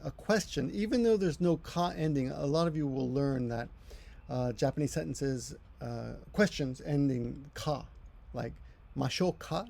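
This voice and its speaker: A middle-aged man talks through a language lesson in a relaxed, chatty way. His voice is gravelly and dark, pitched a little high for a man. He wanders, corrects himself mid-sentence and drops in offhand asides. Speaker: Japanese language teacher. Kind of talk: casual explanatory lesson.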